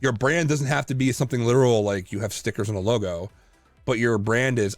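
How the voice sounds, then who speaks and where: A man co-hosting a casual podcast chat, telling lively stories full of fillers and restarts. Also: medium pitch, brisk, no echo, soft background music. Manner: animated storyteller, many fillers and restarts. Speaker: podcast co-host.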